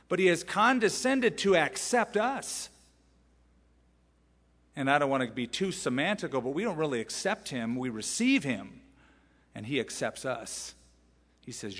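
A male pastor delivers an expository sermon with emphatic, lively conviction, peppering it with rhetorical questions. His voice sits a bit higher than most men's and rings through a large church with a long hall reverb. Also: unhurried, long pauses.

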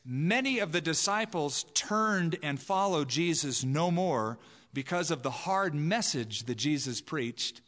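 A man's voice: a little high, sharp tone, big-room sound. A man preaching a sermon in a conversational way, acting out the voices he quotes. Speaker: pastor.

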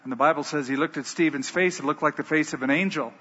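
A man's voice: fairly high pitch, fast talker, a bit bright, breathy edge. A man preaching a sermon who tells stories with emphatic delivery. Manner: storytelling, emphatic. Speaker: pastor. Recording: dull, echoey hall.

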